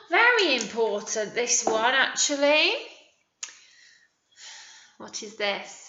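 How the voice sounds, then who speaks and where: An English woman teaching phonics to young children, sounding out words slowly and warmly encouraging them. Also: a little high, very animated, reverberant, muffled recording, background noise. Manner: slow, sing-song, exaggerated word sounding for small children. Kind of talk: early years phonics lesson.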